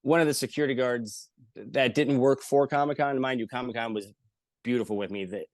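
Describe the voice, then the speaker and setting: A man telling stories in casual chat, lively and profane, acting out the people he quotes. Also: mid-range voice, brisk, dry recording. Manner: animated, swearing, acts out quotes in voices. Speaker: podcast guest. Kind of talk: casual storytelling.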